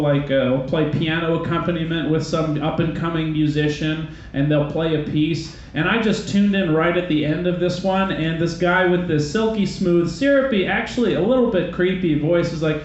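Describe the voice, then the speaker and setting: A man's voice: on the high side, slight background noise. A man doing a stand-up comedy set on a club stage, rambling, profane and self-deprecating. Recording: echoey club, muffled sound.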